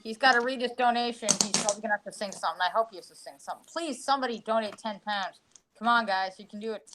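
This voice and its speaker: A woman's voice: fairly high pitch, rapid-fire, a bit bright, rough recording. A woman bantering with friends on a casual group voice call. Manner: bantering, encouraging.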